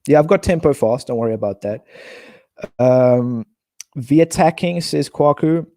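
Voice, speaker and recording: A man from South Africa chatting casually on a live stream, thinking out loud and reading viewers' comments aloud. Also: medium pitch, measured pace, no room sound, studio quality.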